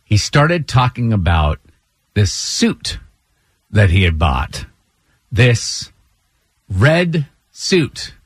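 A man's voice: fairly low pitch, extremely slow, pauses often, slightly rough, dry recording. A man hosting a morning radio show in a studio, telling stories in casual banter and acting out the voices of people he quotes. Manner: animated storyteller, acts out quoted voices.

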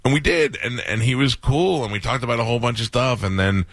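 A man's voice: medium pitch, quick pace, hardly any pauses, fairly bright tone, no echo, studio quality. A man hosting a radio interview, telling rambling stories in a casual chat with frequent restarts. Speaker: radio host.

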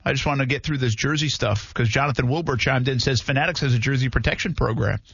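A man's voice: medium pitch, quick pace, gravelly, fairly bright tone, breathy edge, no echo, muffled recording. A man hosting a sports radio show, chatting easily with his co-hosts and reading out listener messages from a studio microphone. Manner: easygoing, chuckling, reads listener messages. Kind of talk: casual sports talk radio banter.

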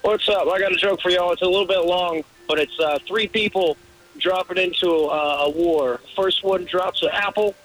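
A man's voice: high voice, fairly even intonation, moderate pace, a bit bright, poor audio. A man calling in to a radio show, telling a long rambling joke. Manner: rambling storyteller. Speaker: caller.

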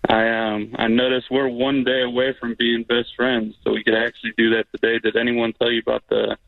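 A man's voice: mid-range voice, completely flat delivery, brisk, vocal fry, no echo. A man calling in to a radio show, eager and friendly. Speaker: caller. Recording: tinny phone line.

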